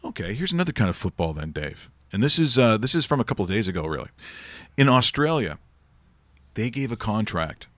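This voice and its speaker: A man's voice: lowish voice, big pitch swings, a little fast, fairly bright tone, no room sound. A man hosting a sports talk show, joking and rambling in casual studio banter. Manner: jokey, rambling, with frequent restarts and laughs. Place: radio studio.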